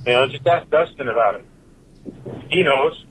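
A man's voice: medium pitch, moderate pace, a bit bright, husky, low-quality recording. A man giving a profane, rambling rant as a listener's recorded message to a podcast, swearing constantly and drifting from point to point.

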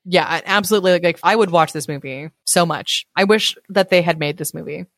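A young woman co-hosting a podcast, reading a fairy tale aloud and chatting between passages, giggly and animated. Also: on the low side, brisk, gravelly, no room sound, clean studio sound. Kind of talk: read-aloud storytelling with casual chat.

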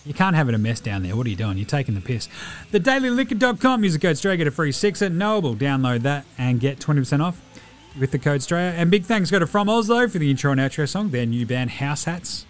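Jokey Australian podcast host. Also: male voice, fairly high pitch, very animated, faint music behind. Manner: jokey, slangy, rapid-fire. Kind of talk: casual podcast outro with plugs.

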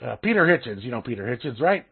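A man co-hosting a podcast in casual chat, halting and stammering, often repeating his words. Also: mid-range voice, sing-song, vocal fry, slightly rough. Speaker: podcast co-host. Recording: tinny phone-like lo-fi sound.

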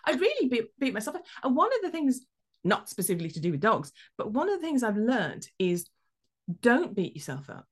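A woman hosting a podcast, telling a story in a lively, self-mocking way. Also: fairly high pitch, quick pace. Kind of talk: casual chat.

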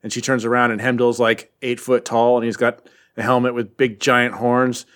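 A man's voice: medium pitch, level tone, moderate pace, fairly bright tone. Joking man recapping comics. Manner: joking, rambling. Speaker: podcast co-host. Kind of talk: casual comic book recap.

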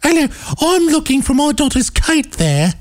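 A man's voice: very high voice, very animated, moderate pace, voice pushed up. A man putting on a fussy, pompous elderly queen in a mocking voice. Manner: mocking, over-the-top put-on posh voice.

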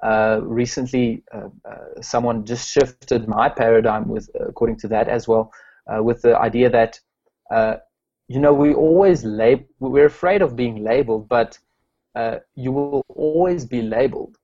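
A man's voice: medium pitch, moderate pace, dark tone, muffled recording. A man from South Africa, a strengths coach, answering interview questions with many fillers and restarts.

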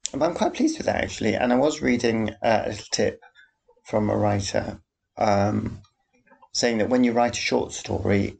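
A man's voice: lowish voice, darkish tone, a little hiss or hum. A man hosting a casual solo podcast, rambling and chatty with a self-deprecating manner. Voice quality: gravelly. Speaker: podcast host. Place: home, background noise heard.

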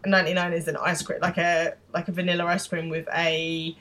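A woman's voice: lowish voice, monotone, fairly quick, a loud crowd. Woman casually recapping a show. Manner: describes scenes plainly, explains British slang. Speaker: podcast co-host.

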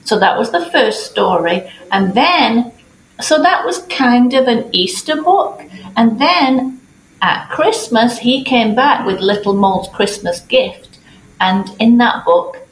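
A woman children's author chatting about her books in a storytelling tone. She speaks slowly and evenly. The recording sounds roomy, with faint noise behind her. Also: mid-range voice. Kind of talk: casual interview.

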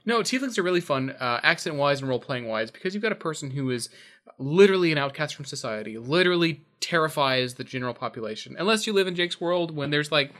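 A man's voice: fairly high pitch, lively intonation, quick pace, fairly bright tone. A man co-hosting a casual gaming podcast, full of wry, joking asides as he trades ideas with the others. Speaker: podcast co-host.

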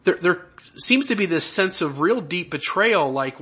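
A man hosting a podcast interview, earnest and halting, often restarting as he searches for words. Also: sits high, lively intonation, sharp tone, breathy edge. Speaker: podcast host. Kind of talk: conversational interview.

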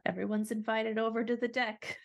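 A woman's voice: a little high, flat delivery, a little fast, gravelly. A woman guest on a podcast, chatting casually and laughing a lot. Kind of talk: casual chat.

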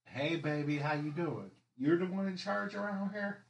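A man's voice: fairly high pitch, expressive, moderate pace, gravelly, voice pushed up. Guy as a cocky half-orc vigilante, flirty and streetwise, in a roomy echo. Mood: swaggering. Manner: swaggering, streetwise slang.

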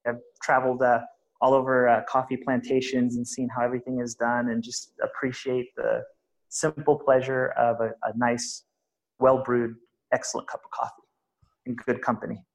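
Guy on a podcast talking property investing, average pitch, rambling with lots of uhs. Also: level tone, moderate pace, creaky, poor audio. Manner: rambling, many restarts and "uh"s. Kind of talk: casual interview answers.

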